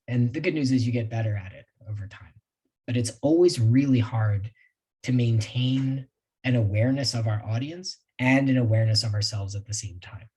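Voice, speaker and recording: Male webinar trainer, mellow, a bit husky, loose conversational delivery, computer mic. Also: mid-range voice, low-quality recording. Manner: conversational, with asides and self-deprecating laughs. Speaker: sales trainer presenting a webinar. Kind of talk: casual live webinar talk.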